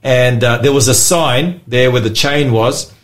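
A man co-hosting a Bible study discussion, earnest and croaky-voiced, often repeating phrases as he gathers his thoughts. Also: medium pitch, a little slow. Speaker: co-host.

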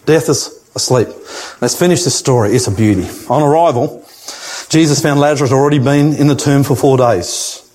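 A man's voice: mid-range voice, fairly quick, darkish tone. An older man preaching a sermon, emphatic and repeating his key phrases. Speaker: pastor.

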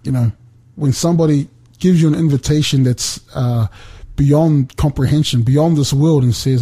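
A middle-aged man giving an earnest faith talk over a call, speaking haltingly with many restarts. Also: on the high side, dark tone, husky. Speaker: guest speaker.

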